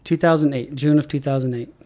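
A man's voice: mid-range voice, fast. A middle-aged man, an athletic trainer, telling stories in a casual chat and acting out the people in them. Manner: animated storyteller, acts out quotes loudly. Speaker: head athletic trainer, guest.

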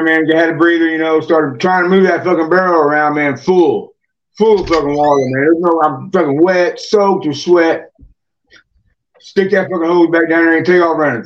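A man telling a long rambling story in casual chat, cursing constantly and padding with "man" and "you know". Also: a little high. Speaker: podcast guest, moonshiner. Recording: dull lo-fi podcast audio.

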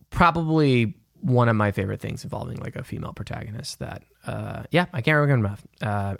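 A young man co-hosting a casual film podcast with a gravelly, creaky voice. He rambles with plenty of restarts and throws in jokes. The sound is dry and close, with no room echo. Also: on the low side. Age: young adult. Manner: rambling, self-interrupting, joking. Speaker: podcast co-host.

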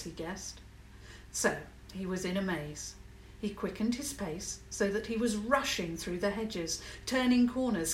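A woman narrating a children's story in a calm, measured way. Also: mid-range voice, echoey room, recorded from a distance, a little hiss or hum, rough recording.

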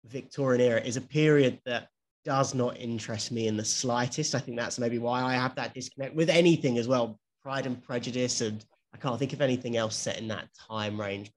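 A chatty man co-hosting a podcast in relaxed conversation. His voice sits at an ordinary middle pitch. He talks freely and laughs easily. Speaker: podcast co-host. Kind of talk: casual chat.

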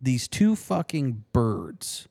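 A man hosting a casual podcast, telling a story in a profane, animated way. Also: medium pitch, very slow, vocal fry. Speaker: podcast host.

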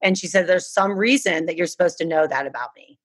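A woman's voice: fairly low pitch, a little fast, slightly rough. A woman from the United States, earnestly telling a personal story in a casual chat. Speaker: guest.

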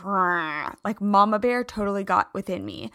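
A woman's voice: mid-range voice, animated, slow, a bit bright, no echo, studio quality. A woman hosting a podcast, telling a personal story in a candid, emphatic, confessional way. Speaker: podcast host.

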